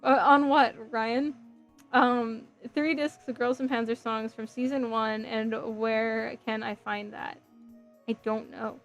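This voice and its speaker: A woman hosting a casual livestream, chatting with viewers and reading their comments while she builds a model kit, rambling with lots of fillers. Her voice is going a little hoarse. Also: fairly high pitch, fairly bright tone. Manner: chatty, rambling, frequent fillers and self-corrections. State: voice getting hoarse.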